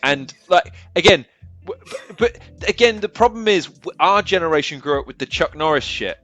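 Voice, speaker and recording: A man's voice: fairly high pitch, moderate pace, highs cut off, soft background music. Man telling stories with a laugh. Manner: animated storyteller, laughs often, rambling asides. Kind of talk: casual chat.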